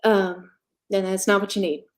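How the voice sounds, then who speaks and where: A woman telling her own story as an interview guest, candid and matter-of-fact, pausing often and filling gaps with ums. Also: medium pitch, little pitch movement. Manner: halting, with frequent pauses and fillers. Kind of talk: casual conversational storytelling.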